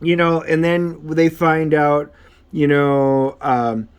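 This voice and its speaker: A man's voice: fairly high pitch, little pitch movement, slow, clean tone. Rambling comic reviewer man. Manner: rambling, full of fillers. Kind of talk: casual comic review, recapping the story.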